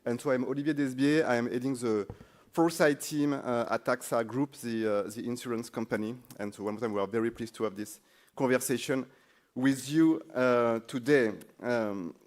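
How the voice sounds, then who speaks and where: A man with a French accent, speaking English as a second language, moderating a conference panel in a halting way, often repeating words as he searches for phrasing. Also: mid-range voice, steady tone, darkish tone. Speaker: panel moderator, corporate foresight lead. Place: conference stage.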